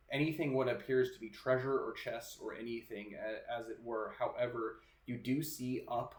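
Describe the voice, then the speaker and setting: Male game master, easygoing scene narration, recorded in a roomy, echoing space. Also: medium pitch. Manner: descriptive, relaxed, with fillers.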